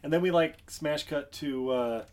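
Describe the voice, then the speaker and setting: A podcast co-host retelling a film plot in halting, filler-heavy casual chat. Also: mid-range voice. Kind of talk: casual movie recap chat.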